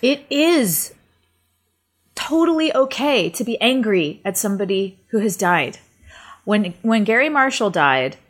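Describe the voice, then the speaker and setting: A woman's voice: medium pitch, fairly bright tone. A woman chatting casually on a podcast, emphatic and swearing freely as she acts out what people said.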